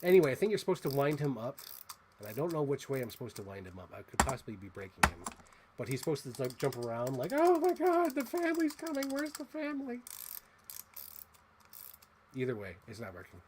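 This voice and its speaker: A chatty man hosting a casual unboxing video, quick to gush with excitement. His pitch moves in a lively, animated way as he talks. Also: noisy background. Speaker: host. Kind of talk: casual toy unboxing chat.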